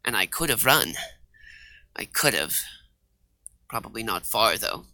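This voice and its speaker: A man doing a smooth-talking old rogue captain. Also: very animated, measured pace, no room sound, exaggerated voice. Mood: roguish. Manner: smooth-talking, wheedling, low and soft. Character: retired charming roguish older male sea captain.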